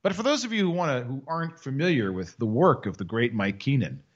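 A man's voice: mid-range voice, animated, brisk, lo-fi sound. A man co-hosting a casual sports podcast, joking and rambling, also reading a sponsor ad. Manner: joking, rambling, self-mocking. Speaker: podcast co-host and teacher.

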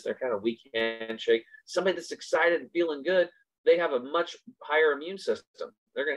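The host of an informal motivational talk has a medium-pitched voice with lively intonation and a brisk delivery. He stresses his ideas forcefully and says them again for effect, on a slightly muffled lo-fi recording.

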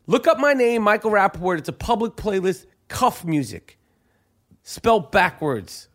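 A man's voice: sits high, big pitch swings, normal speed, a bit bright. A man with a New York accent hosting a podcast in casual, rambling chat, often stammering and restarting, with plenty of profanity. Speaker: podcast host.

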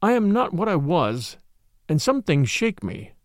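A man reading the part of a haunted, weary middle-aged male medical assistant in a low, stern and resolute way, in a dramatic audiobook. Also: sing-song, measured pace, no echo, studio quality.

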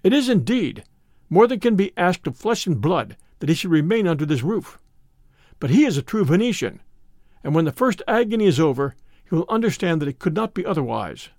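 A man's voice: sits high, very animated, brisk, a little mellow, no echo, clean studio sound. A man playing a cruel old tribunal president. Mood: stern menacing. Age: older. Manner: cold, commanding, menacing. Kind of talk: audiobook character reading.

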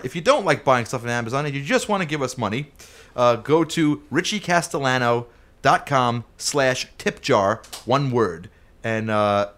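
Male podcast host, casual and rambling, bright tone. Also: medium pitch. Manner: rambling, self-interrupting.

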